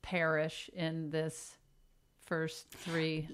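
A woman co-hosting a comedy podcast in casual chat, teasing with dry deadpan humor. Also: low voice, extremely slow, clear, resonant tone. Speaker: podcast co-host.

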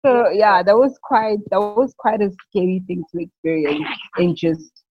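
A woman's voice: medium pitch, a little slow, breathy edge. A young woman, a new mother, talking casually in an interview, rambling with many fillers and frequent laughs. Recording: dull lo-fi sound.

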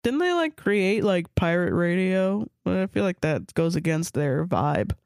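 A woman's voice: lowish voice, big pitch swings, unhurried, a little mellow, dry recording. Sick stuffy-nosed woman cohosting a podcast, swears a lot, acts out what other people said, dead dry room. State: sick, congested. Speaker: podcast co-host. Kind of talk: casual chat.

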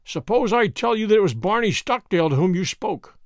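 A man voicing a crisp, sharp-witted, teasing detective in a storybook reading. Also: sits high, expressive, brisk, no room sound, clean studio sound.

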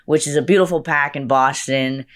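A young woman telling a story in casual chat, acting out what others said. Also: normal speed. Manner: animated, acts out quotes with big pitch jumps. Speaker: guest.

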